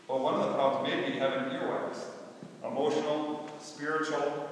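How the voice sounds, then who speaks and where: A man's voice: fairly high pitch, flat delivery, moderate pace, slight background noise. A man preaching a sermon as a pastor, in a conversational, folksy way with offhand asides. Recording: echoey hall, mic far off.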